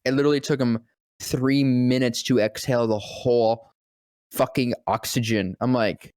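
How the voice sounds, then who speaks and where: A man, a guest voice actor, telling a story in casual podcast chat, profane and animated, often dropping into deep voices when quoting people. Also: normal speed, clear, resonant tone, no echo, clean studio sound.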